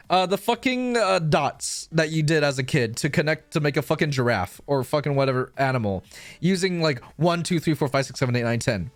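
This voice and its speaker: A young man talks on a live stream in a lively, swooping voice that sits a touch high for a man. He rambles, swears freely and pokes fun at himself, with a dry close-mic sound and soft music under him. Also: no room sound. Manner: rambling, profane, self-mocking, loses his train of thought.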